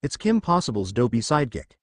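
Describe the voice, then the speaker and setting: A man's voice: medium pitch, big pitch swings, fairly quick, no echo, natural voice. A man voicing a sarcastic, scoffing female villain sidekick in a read-aloud story, in close to his own voice.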